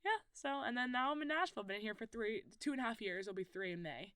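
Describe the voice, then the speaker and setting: A woman's voice: a little high, expressive, quick pace, a bit bright, no room sound. A woman in her twenties chatting casually as a podcast guest, telling a story and acting out quoted lines. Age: 20s. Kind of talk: casual chat. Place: podcast studio.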